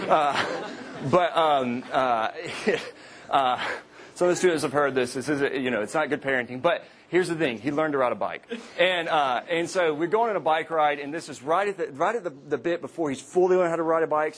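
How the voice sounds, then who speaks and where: A man in his thirties, a campus minister, preaching to college students with humorous personal stories and lively quoted voices. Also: fairly high pitch. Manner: joking storyteller, animated quoted voices.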